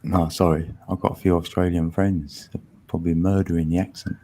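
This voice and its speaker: A man's voice: deep voice, level tone, a little fast, dark tone. A man hosting a live stream panel in casual, slangy chat, laughing often.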